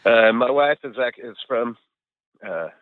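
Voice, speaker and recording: A man's voice: mid-range voice, animated, measured pace, dry recording. A middle-aged man, a musician guest, talking loosely in a casual interview, rambling with lots of fillers and the odd swear word. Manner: laid-back, rambling, heavy on fillers and swearing. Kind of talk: casual interview chat over a call. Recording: tinny phone-like remote line, dry.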